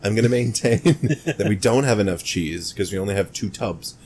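A man's voice: on the low side, animated, normal speed, a little mellow, husky. A man co-hosting a podcast in casual chat, argumentative and jokey, swearing often. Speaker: podcast co-host.

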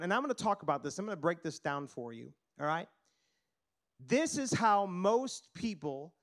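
Male pastor, middle-aged, high voice, earnest sermon delivery with repeated words.

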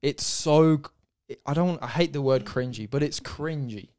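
A man's voice: fairly high pitch, normal speed, a little mellow, no room sound. Ranting man, dry close mic. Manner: ranting, sweary, exasperated. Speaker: podcast co-host. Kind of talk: casual sports podcast chat.

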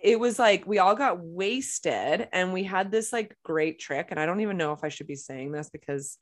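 A woman, co-hosting a casual chat podcast, talkative and quick to laugh. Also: fairly low pitch. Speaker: podcast co-host.

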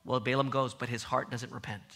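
A man preaching a sermon with emphatic repetition, his voice swinging from loud outbursts to soft low passages. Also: steady tone, brisk, gravelly. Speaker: pastor.

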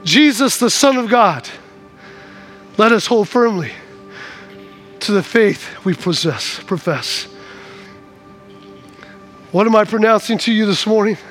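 High, bright-voiced man preaching a sermon. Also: animated, takes it slowly, pauses often, soft background music. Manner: preaching with dramatic swings from hushed to shouting; acts out scenes in the voices of people in the story. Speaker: pastor. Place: church.

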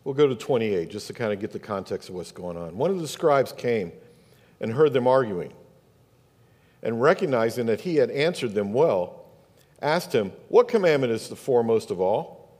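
Southern pastor preaching in a reverberant church. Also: male voice, medium pitch, expressive, normal speed, a little mellow. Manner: preaching with rhetorical questions and emphatic repetition. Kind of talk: sermon. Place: church sanctuary. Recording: long reverb of a church hall.

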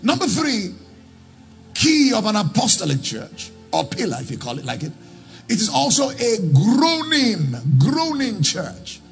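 A man preaching a sermon as pastor, swinging into sung, chanting lines and shouted calls to the congregation. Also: high voice, wildly swooping pitch, unhurried, vocal fry, faint music behind.

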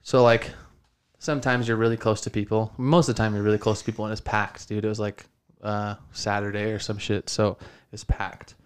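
A man's voice: fairly low pitch, level tone, a little fast, clear, resonant tone. A young man hosting a casual podcast from his home studio, swearing a lot and saying "dude" constantly as he rambles. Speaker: podcast host.

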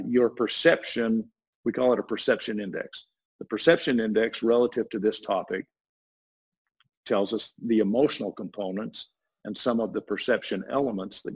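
Explaining a voice technology, the guest rambles through his idea in casual talk, starting sentences again and again. He talks at normal speed in a low voice with a breathy edge. The recording sounds rough.

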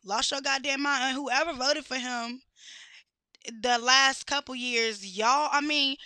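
A woman's voice: sits high, steady tone, unhurried, sharp tone, smooth, no room sound. A woman ranting bluntly with heavy cursing and exasperated rhetorical questions. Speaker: podcast host. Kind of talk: profane rant.

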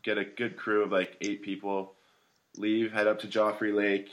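Deep-voiced laid-back man. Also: level tone, normal speed, a bit bright. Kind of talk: casual storytelling chat.

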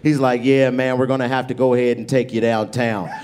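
A young adult man telling a story as a comedian on a comedy club stage, animated with loud bursts, acting out other people. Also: medium pitch, a little fast, a little hiss or hum.

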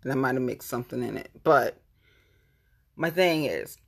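A woman hosting a casual home podcast, with a husky voice. Her pitch swings widely as she talks. She is blunt and loosely rambling. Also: animated, normal speed. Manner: blunt and heavily profane. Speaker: podcast host. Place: at home, standing on a balance board.

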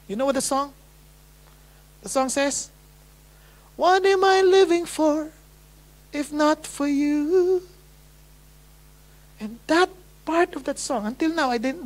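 A woman from the Philippines with a Filipino accent, preaching a testimony in a sermon and acting out her own past prayers with dramatic quoted lines. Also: high voice. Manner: swings between hushed and loud.

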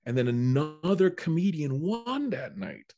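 A man, a comedian, telling a story in a casual chat, animated and prone to restarting his sentences. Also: on the high side, unhurried. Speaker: comedian guest.

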